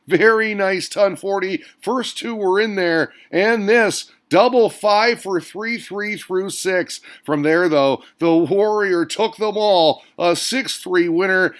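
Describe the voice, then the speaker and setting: A man's voice: sits high, fairly bright tone. A man hosting a darts recap show, narrating a scripted sports roundup in an upbeat, playful way with punchy exclamations.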